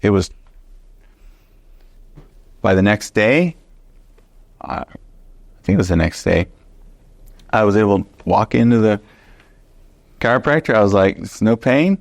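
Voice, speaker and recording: Low-voiced man teaching Bible study. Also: a little slow, creaky, long pauses, dry recording. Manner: animated storytelling, many fillers and restarts. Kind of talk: conversational Bible teaching with personal story.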